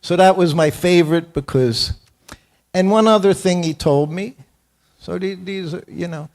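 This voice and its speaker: A man's voice: high voice, unhurried, a little mellow. A man in his seventies giving a morning temple class, telling personal stories in an anecdotal, self-deprecating way and chuckling often. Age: 70s. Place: temple hall.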